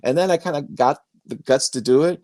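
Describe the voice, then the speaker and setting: A man's voice: fairly high pitch, a little fast, darkish tone, no room sound. A man hosting an interview podcast from his bedroom, talking emphatically in a rambling storytelling way, recorded on a phone. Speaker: podcast host. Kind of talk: casual interview chat. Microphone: iPhone.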